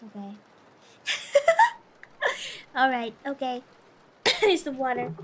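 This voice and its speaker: A woman's voice: sits high, wildly swooping pitch, very slow, noisy background. A young woman streamer chatting casually with viewers, playful and flustered, laughing often.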